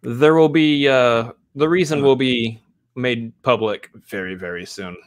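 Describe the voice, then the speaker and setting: A young man co-hosts a live movie stream. He lays out his points steadily and slips in dry teasing jabs, with a voice of ordinary middle pitch. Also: measured pace. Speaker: co-host. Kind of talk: casual live-stream chat.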